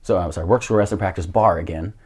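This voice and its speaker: Young man, deep voice, podcast guest; lively self-mocking storyteller who swears freely. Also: quick pace, breathy edge. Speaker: podcast guest, jiu-jitsu coach. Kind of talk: casual storytelling.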